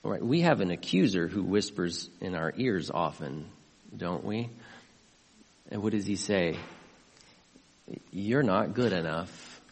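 Slow-preaching man in a reverberant hall. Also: low-pitched, lively intonation, creaky, husky. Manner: asks the congregation questions, builds to impassioned emphasis. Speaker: pastor. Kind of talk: sermon.

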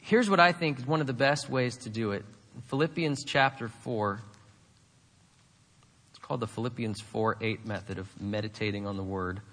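A man's voice: mid-range voice, normal speed, a bit bright, in a large hall. A man preaching a sermon, emphatic, with many rhetorical questions to the congregation. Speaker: pastor.

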